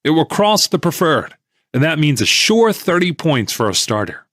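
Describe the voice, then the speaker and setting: A man voicing an excitable, pushy male stock tipster in an audiobook, pressing his point insistently. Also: fairly high pitch, moderate pace, dry recording, studio quality, voice pushed up.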